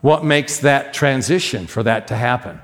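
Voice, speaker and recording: A middle-aged man preaching as a guest minister, telling a story with emphatic, animated delivery and acted sound effects. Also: mid-range voice, moderate pace. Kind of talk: storytelling sermon.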